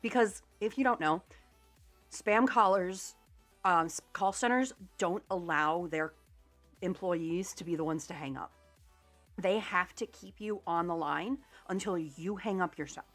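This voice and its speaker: A young adult woman livestreamer casually telling a story to her chat, animated and sarcastic, with some swearing. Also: on the low side, unhurried, faint music behind.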